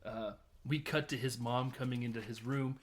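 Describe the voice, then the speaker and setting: A man in easygoing podcast chat walks through a movie scene by scene. He talks at an ordinary, mid-range pitch, laughing often and dropping the odd swear word as he tells it. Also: moderate pace. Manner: lively storytelling, laughs often, swears casually. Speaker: podcast host. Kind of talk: casual movie recap chat.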